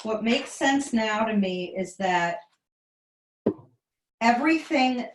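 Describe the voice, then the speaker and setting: A woman student in a class discussion, speaking in a measured way as she searches for her words. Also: on the high side, lively intonation, roomy sound, a little hiss or hum.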